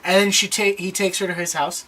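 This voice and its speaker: A man's voice: sits high, level tone, a little fast, pushed and bright, slight background noise. A young man casually recapping a TV episode on a podcast, rambling and acting out quoted lines. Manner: rambling, many restarts, acts out quoted lines. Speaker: podcast co-host.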